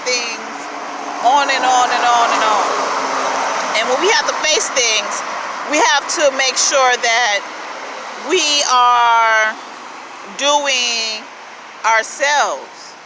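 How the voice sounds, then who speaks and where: A woman's voice: fairly high pitch, slow, long pauses. A woman giving a casual motivational talk in a blunt, repetitive way, swearing freely as she urges listeners to speak up and look after themselves. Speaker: motivational vlogger. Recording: outdoor street noise.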